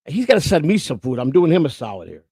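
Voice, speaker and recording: A man's voice: fairly high pitch, wildly swooping pitch, quick pace, a little mellow, breathy edge, no room sound. A man co-hosting a casual livestream chat, rambling and boastful, repeating his words as he goes. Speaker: co-host.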